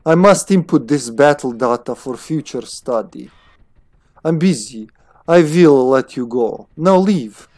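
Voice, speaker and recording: A man's voice: mid-range voice, sing-song, slow, vocal fry, few pauses, mellow, no echo, exaggerated voice. A man voicing a brusque, busy female scientist in a game, stiff and clipped with a put-on foreign accent. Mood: curt. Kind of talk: reading game dialogue in voices.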